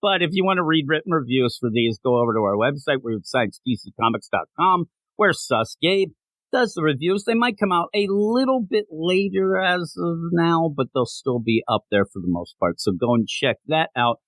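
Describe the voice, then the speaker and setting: Male podcast co-host, a bit high-voiced with a very bouncy delivery, playful and rambling, dry close sound. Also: lively intonation, normal speed, fairly bright tone, no echo. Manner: playful, joking, self-mocking; hyped and rambling. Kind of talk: casual podcast chat.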